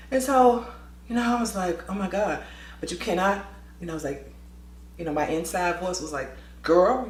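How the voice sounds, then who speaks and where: A woman telling a school story in a lively vlog style, acting out the voices with quick asides. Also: fairly low pitch, roomy sound. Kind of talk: storytime vlog, animated retelling.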